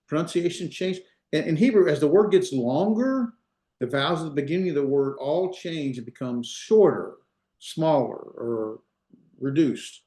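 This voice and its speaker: Through a computer mic on a video call, a mid-range, slightly mellow voice echoes around the room as a Hebrew instructor delivers an online class lecture. He goes step by step, with many fillers and restarts along the way.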